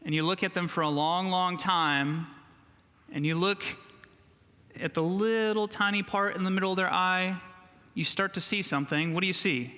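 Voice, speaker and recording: A pastor delivering a children's message, slow and emphatic as he leads the congregation in repeating lines after him. His voice is high, bright and forceful. Long reverb from a large church sanctuary hangs on every word. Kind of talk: children's sermon.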